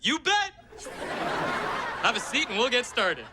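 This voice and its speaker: A man's voice: very high voice, wildly swooping pitch, unhurried, very noisy, heavily acted. An actor playing a goofy, theatrical sitcom father who draws comic strips. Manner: theatrical, over-the-top earnest. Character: goofy dramatic sitcom dad, middle-aged man. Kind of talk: sitcom acting.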